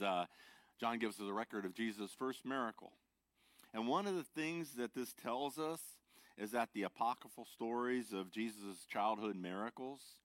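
Man, Bible study teacher, low voice, slightly unwell, relaxed self-correcting delivery, dry close sound. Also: dry recording. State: under the weather, sucking a cough drop.

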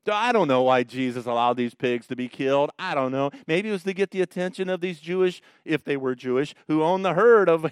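A man's voice: on the high side, fairly quick, hardly any pauses, clear, resonant tone, no room sound, studio quality. Folksy man teaching a Bible study. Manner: folksy storytelling with lively jokes. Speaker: pastor leading a Bible study.

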